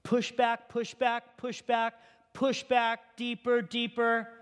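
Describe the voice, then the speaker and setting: A man preaching a sermon, reading scripture aloud with animated energy. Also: extremely high pitch, slow pace, clear, resonant tone. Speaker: pastor. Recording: long hall reverb.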